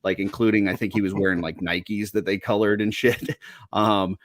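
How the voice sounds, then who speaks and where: A man's voice: fairly low pitch, steady tone, normal speed, no echo, clean studio sound. A man hosting a podcast, chatting casually in a rambling way with many fillers. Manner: laid-back, rambling with fillers. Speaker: podcast host. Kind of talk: casual chat.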